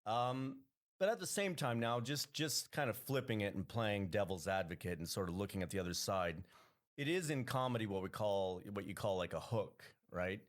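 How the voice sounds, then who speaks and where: A man's voice: lowish voice, normal speed. A Canadian man, a comedian, talking casually as a podcast guest, rambling with many restarts.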